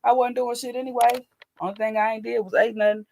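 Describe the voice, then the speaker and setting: A man's voice: extremely high pitch, little pitch movement, fast talker, gravelly, darkish tone, a little hiss or hum. A man hosting a livestream, chatting loosely and profanely straight to his viewers. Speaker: livestream host. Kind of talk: casual livestream chat.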